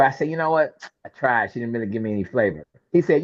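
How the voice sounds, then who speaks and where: A man telling a personal story as an interview guest, lively and casual, acting out the lines of the people in it. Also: mid-range voice, rapid-fire, muffled recording. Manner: lively storyteller who acts out quoted dialogue. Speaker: interview guest, film producer. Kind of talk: animated storytelling in a podcast interview.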